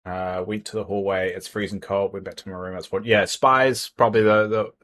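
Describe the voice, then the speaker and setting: A man's voice: low-pitched, fairly even intonation, fairly quick, fairly bright tone. A man chatting casually on a livestream from home, rambling and tripping over his words as he reads out donations. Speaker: streamer. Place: home, indoors.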